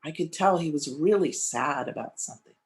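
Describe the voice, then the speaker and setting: A man's voice: on the high side, lively intonation. Man giving a heartfelt storytelling sermon. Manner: heartfelt storytelling with slow emphatic pauses. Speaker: guest speaker.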